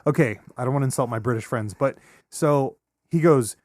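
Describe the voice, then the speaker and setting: Profane, animated man on a podcast. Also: medium pitch, fairly quick, no echo, clean studio sound. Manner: profane, animated storytelling with outbursts. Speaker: podcast co-host. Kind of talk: casual chat.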